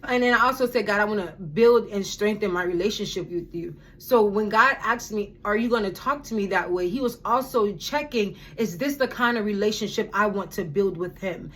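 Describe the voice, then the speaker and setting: A woman's voice: mid-range voice, fairly quick, few pauses, fairly bright tone. An earnest woman in her thirties hosts her own self-care podcast, talking through a personal story in a loose, conversational way. She circles back and repeats words as she searches for the next thought, keeping it candid and heartfelt. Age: 30s. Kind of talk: casual spoken reflection.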